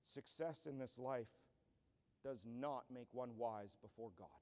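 A man's voice: mid-range voice, a little slow, darkish tone. A man pastor preaching a sermon in an earnest style that builds to emphatic declarations. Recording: long church hall reverb.

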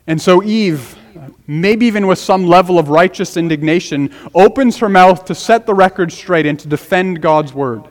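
A man's voice: sits high, normal speed. A man preaching an expository sermon as pastor, earnest and emphatic, repeating key phrases for weight. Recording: long hall reverb.

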